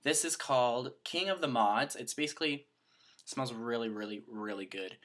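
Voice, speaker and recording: Bright-voiced chatty young Canadian man. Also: mid-range voice, moderate pace. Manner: chatty, rambling, self-mocking. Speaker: vlogger. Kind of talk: casual chat to camera.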